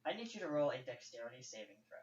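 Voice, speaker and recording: A man narrating a tabletop game as game master, casual and rambling. His voice is mid-pitched and rings in a roomy space. The recording is dull, with a faint hiss. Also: very animated, rapid-fire, recorded from a distance. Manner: casual, rambling, many fillers.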